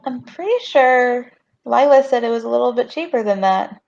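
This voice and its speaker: A woman's voice: a little high, expressive, moderate pace, gravelly, a little mellow, voice pushed up. A woman voicing a friendly, coaxing adventurer in a tabletop game, speaking in a chummy, persuasive way. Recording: dull lo-fi recording.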